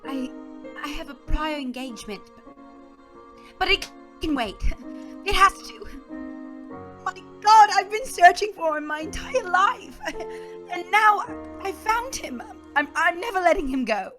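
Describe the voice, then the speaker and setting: A woman's voice: extremely high pitch, lively intonation, a little slow, pauses often, full character voice. An actress playing a wistful, posh young Englishwoman in a posh English accent, with clipped, theatrical stage-musical delivery. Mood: elated. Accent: posh English, as acted. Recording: clip with loud music underneath.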